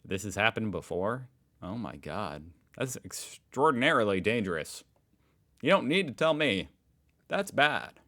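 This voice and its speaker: Reading posts aloud and joking about them, an American man hosts a casual reaction video. His lowish voice is animated, bright and forceful, moving at normal speed.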